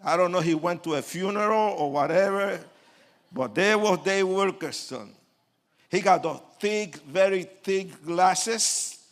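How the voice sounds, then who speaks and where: An older man with a Puerto Rican Spanish accent, a native Spanish speaker, telling his testimony as a preacher, animated, acting out quotes and moving from soft asides to shouting. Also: sits high. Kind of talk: sermon testimony storytelling.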